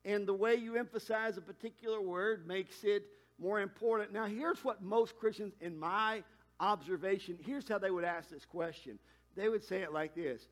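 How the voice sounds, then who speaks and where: Male pastor, high voice, conversational sermon with emphatic rises. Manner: conversational preaching, quick asides and emphatic climbs.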